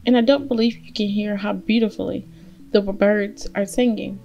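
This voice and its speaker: A woman's voice: medium pitch, fairly even intonation, moderate pace, gravelly, mellow, muffled recording, a little hiss or hum, close to an everyday voice. A woman voicing a sly, wicked male wolf in a read-aloud fairy tale, sweet-talking his prey. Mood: scheming.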